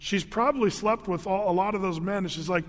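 In a church sanctuary, a male pastor with a fairly high voice delivers a sermon at a fairly quick pace. He tells his story animatedly, restarting sentences, laughing, and acting out its characters, while a long reverb rings through the hall after every phrase.

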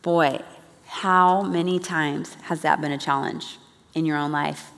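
A woman's voice: low voice, fairly even intonation, measured pace, gravelly. A woman giving an earnest, chatty church teaching talk to a congregation. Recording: long reverb of a large hall.

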